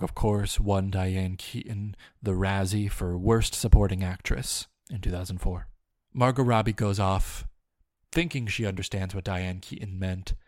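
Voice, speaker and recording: A man hosting a comedy podcast, rambling deadpan through a made-up film recap and breaking into mock-angry rants. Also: lowish voice, dry recording, studio quality.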